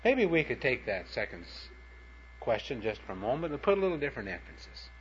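A man's voice: medium pitch, big pitch swings, a little fast, slight background noise. A man preaching a sermon, telling short anecdotes in a plain-spoken, punchy way. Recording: dull lo-fi recording.

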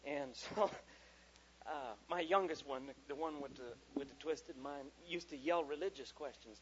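A man telling an animated stand-up story about raising his daughters, switching into character voices. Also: a little high, unhurried, breathy edge. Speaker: comedian. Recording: dull lo-fi live recording with faint noise.

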